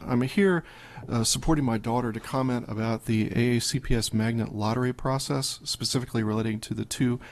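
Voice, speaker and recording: A man's voice: medium pitch, fairly even intonation, brisk. A man giving a prepared public comment at a school board meeting, reading figures with occasional restarts. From Maryland.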